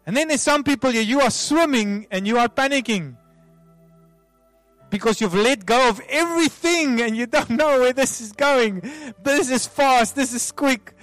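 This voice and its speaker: A man as a pastor leading an altar call prayer, soft and pleading, repeating himself with many restarts. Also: very high voice, no echo. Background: soft music.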